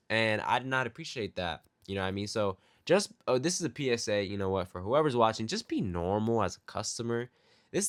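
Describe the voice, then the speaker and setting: Young guy venting about serving tables, low voice that swings up and down a lot, dry close sound. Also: no echo. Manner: animated, acts out customers in quick put-on voices. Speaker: vlogger and restaurant server. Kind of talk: casual storytelling rant.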